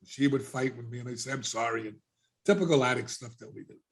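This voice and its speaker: A middle-aged man recounts his life story as a podcast guest, speaking fast at medium pitch. He's casual and animated, acting out the voices of the people he quotes.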